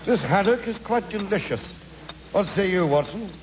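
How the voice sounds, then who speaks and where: Pompous smug detective, animated, theatrical, crowd noise, dull radio sound. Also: male voice, sits high, normal speed. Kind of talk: comedy radio drama.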